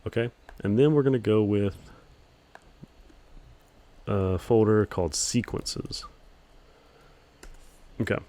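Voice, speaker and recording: A man with a very low voice walks through a software tutorial in an even monotone. He fills pauses with ums and keeps a relaxed, steady delivery as he explains each click. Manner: calls his own voice monotone, relaxed, many ums. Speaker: video editing instructor. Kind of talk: screen-recorded software tutorial.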